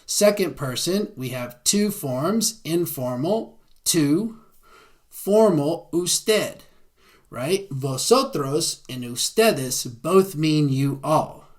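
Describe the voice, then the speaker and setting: A man with a Southern American accent giving a beginner lecture, often checking in with a quick "right?". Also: fairly high pitch, expressive. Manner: frequent tag "right?". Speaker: Spanish teacher. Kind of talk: classroom lecture.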